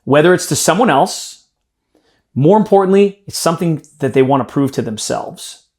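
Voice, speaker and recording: A man leads a live sales training session, speaking emphatically and turning straight to his group as he coaches. His voice sits slightly on the higher side for a man. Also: expressive, normal speed, a little mellow.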